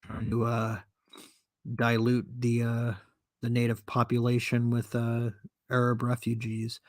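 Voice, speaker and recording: A man's voice: mid-range voice, completely flat delivery, a little slow, no echo, clean studio sound. A man hosting a podcast and ranting alone, sarcastic, profane and indignant as he reads from and mocks an article. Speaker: podcast host. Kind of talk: solo commentary rant.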